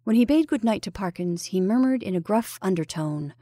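A woman storyteller reading a ghost story aloud with measured, even narration. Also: medium pitch, dry recording, studio quality.

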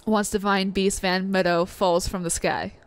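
A woman's voice: medium pitch, level tone, normal speed, clear, resonant tone, close to an everyday voice. A woman reading aloud the lines of a proud young male bird warrior from a video game, in a stern, self-serious way.

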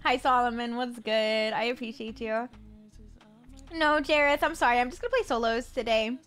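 Rambling young woman streamer, higher voice. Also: steady tone, moderate pace, a bit bright. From Florida Panhandle, USA. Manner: rambling, filler-heavy, stumbles over words. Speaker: live streamer. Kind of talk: casual live-stream chat with viewers. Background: faint music.

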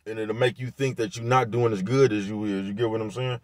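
A man with a lowish voice speaks in in a loose, repetitive rant. He drops slang and profanity all the way through, recorded dry and close with no room sound. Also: steady tone, brisk, a little mellow, no room sound. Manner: laid-back, repetitive, peppered with slang and profanity. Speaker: vlogger giving commentary. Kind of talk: casual rant to camera.

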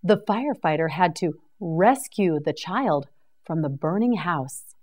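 A woman teaching English vocabulary in a slow scripted drill, enunciating each word clearly and patiently. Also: lowish voice, animated, darkish tone.

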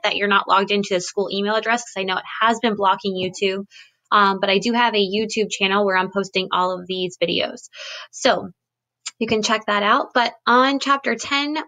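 A woman teacher speaks to her class through a computer webcam, gently recapping before reading a storybook aloud. Her voice is bright and clear, with a mid-range pitch.

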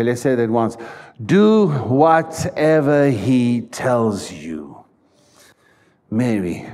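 A man's voice: sits low, warm tone, breathy edge. A man preaching a sermon in a church, stressing his points and putting questions to the congregation. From South Africa. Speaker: pastor.

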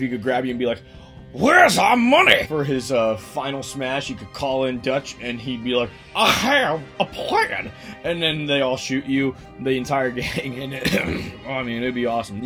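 A man ranting casually for laughs as a video host, rambling with sudden loud outbursts. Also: medium pitch. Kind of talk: casual comedic rant.

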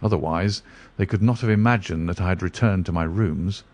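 A man reading the lines of a calm, clever male detective in a measured, assured way. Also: low voice, close to an everyday voice.

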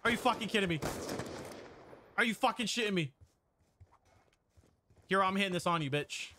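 High, lively young man streaming a shooter. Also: normal speed, noisy background. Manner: excitable, profane trash talk to chat. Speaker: gaming streamer. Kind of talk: live-stream gameplay commentary.

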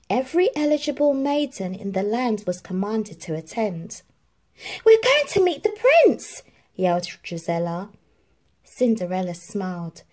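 A woman reading a children's storybook aloud in an expressive, gentle storytelling manner. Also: medium pitch. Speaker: storybook reader. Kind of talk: children's book read-aloud.

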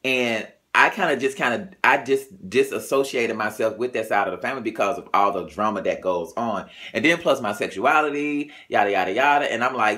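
A man's voice: brisk, few pauses. Chatty man telling a story. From Chattanooga, Tennessee. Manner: animated, chatty, blunt and profane, jumps pitch when quoting others. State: tired, early morning. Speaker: vlogger. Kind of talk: casual storytelling to camera.

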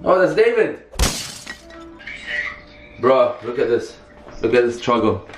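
A man's voice: medium pitch, very animated, takes it slowly. A young man giving a casual, chatty cooking tutorial in a home kitchen, filmed on a camera someone else holds. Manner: upbeat, chatty, talks while working. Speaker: cooking vlogger. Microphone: camera held by another person. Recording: echoey room with music behind. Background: background music.

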